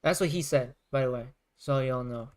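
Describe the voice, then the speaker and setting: Guy on a livestream just rambling about his own music, keeps circling back, smooth clear voice, middle pitch. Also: normal speed. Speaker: music creator streaming. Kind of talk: casual livestream chat.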